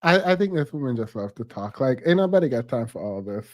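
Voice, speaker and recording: A man's voice: medium pitch, very animated, fast. Blunt, exasperated man reacting. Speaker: podcast co-host reacting to a clip. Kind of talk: casual reaction commentary.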